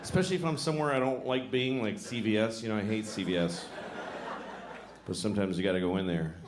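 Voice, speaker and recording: A man's voice: fairly low pitch, quick pace. A man from Boston with a Boston accent doing stand-up comedy in a wry, rambling way that trails off mid-thought. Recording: roomy club with audience noise.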